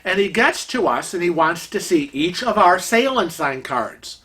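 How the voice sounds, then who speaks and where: A man's voice: high-pitched, sing-song, unhurried, pushed and bright, breathy edge. A man vlogger telling a story in a chatty, exasperated way, acting out the quotes. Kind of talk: casual storytelling.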